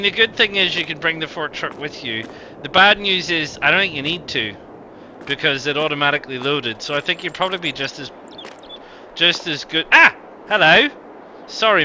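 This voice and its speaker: A man's voice: a little high, lively intonation, moderate pace, pushed and bright, slight background noise, poor audio. A man giving casual, rambling gameplay commentary, with lots of ums and self-corrections. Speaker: gaming video host.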